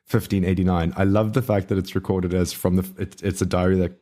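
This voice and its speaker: Rambling, laughing podcast man, low voice. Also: level tone, fast talker, dark tone. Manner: rambling, laughs often and loses his train of thought. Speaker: podcast co-host. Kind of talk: casual chat.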